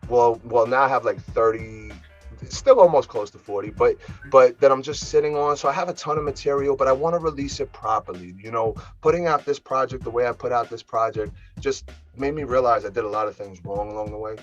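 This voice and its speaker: A man from New York with a New York accent, a rapper chatting casually as an interview guest, animated and full of fillers. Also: medium pitch, a little fast, highs cut off, faint music behind. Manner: animated, laughs easily, many fillers.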